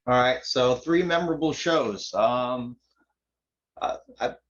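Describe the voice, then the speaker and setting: A man's voice: medium pitch, slow, fairly bright tone, lo-fi sound. A man from Connecticut, a panel guest in casual chat, hesitant with lots of ums.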